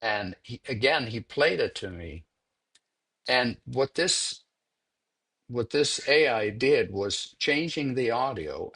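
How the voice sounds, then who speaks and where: Husky older man telling a story. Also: lowish voice, fairly bright tone. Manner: unhurried, repeats words while thinking. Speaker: interviewed sound editor. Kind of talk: conversational interview storytelling.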